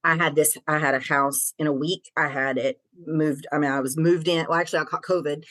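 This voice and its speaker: A middle-aged woman with a low-pitched voice recounts her story openly and plainly. She swears casually and fills her sentences with ums and likes. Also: fairly even intonation, a little fast, fairly bright tone. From Tennessee. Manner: frank, swears casually, many fillers. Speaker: guest. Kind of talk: candid personal storytelling.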